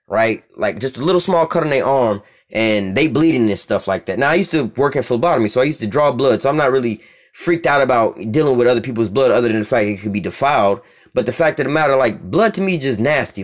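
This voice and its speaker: A man teaching scripture casually, reading verses aloud slowly and commenting bluntly with street profanity. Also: mid-range voice. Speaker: religious teacher.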